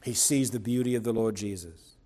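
A man's voice: fairly low pitch, a little fast, mellow, poor audio. A man preaching a sermon in an earnest, emphatic way, stressing key words and often restarting phrases.

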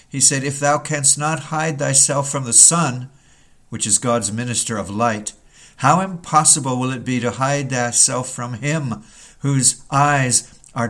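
A man's voice: medium pitch, a bit bright. A man reading an old Puritan sermon aloud, earnest and building to urgent rhetorical questions.

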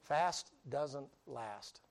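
A man's voice: mid-range voice, animated, very slow, vocal fry. A man with a Southern US accent preaching a sermon in a folksy, joking way full of homespun sayings. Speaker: pastor.

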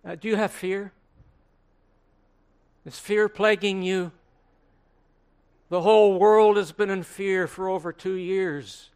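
An earnest old apostle, played by a man, recalls what he saw in a first-person sermon monologue. His voice sits fairly high and moves slowly, with long dramatic pauses and swelling emphasis. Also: steady tone, a little mellow, clear, resonant tone. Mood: solemn. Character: aged male apostle recalling the crucifixion, earnest. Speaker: preacher in character. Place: room with listeners.

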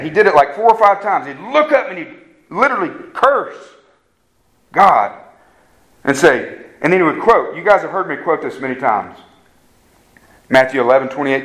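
A man's voice: high-pitched, low-quality recording. A man preaching a sermon as pastor, earnest and emphatic, often checking in with the congregation and restarting his words. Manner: repeats words when starting sentences.

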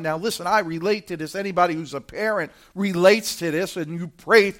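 Male preacher with a high voice, passionate pulpit delivery that rises and falls, talks directly to his congregation. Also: fairly quick. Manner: impassioned preaching, swelling from hushed to loud; addresses the congregation directly, who answer back. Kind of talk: sermon.

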